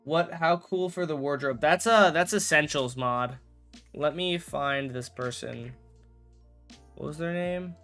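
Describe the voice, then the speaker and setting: A man's voice: on the high side, unhurried, fairly bright tone, soft background music. A young man chatting casually on a live stream while playing a game, rambling, correcting himself and joking with chat. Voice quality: rambling, self-correcting, jokey.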